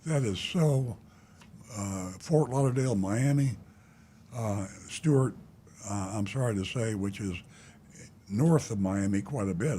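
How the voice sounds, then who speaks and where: A man's voice: fairly low pitch, a little mellow, slight background noise. An older man hosting a call-in talk show, speaking bluntly and indignantly and rambling with many filler sounds. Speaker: talk show host, car dealer.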